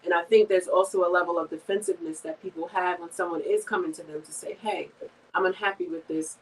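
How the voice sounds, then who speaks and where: A woman co-host on a radio talk show who explains her points in a thoughtful, measured way. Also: lowish voice, fairly even intonation, a little hiss or hum. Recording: distant from the mic.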